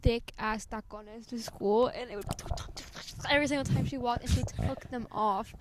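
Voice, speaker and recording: Young woman, high voice, slangy rambling chat, noisy recording. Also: steady tone, normal speed. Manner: rambling slangy storytelling, says "bro" a lot. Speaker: podcast co-host. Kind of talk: casual chat.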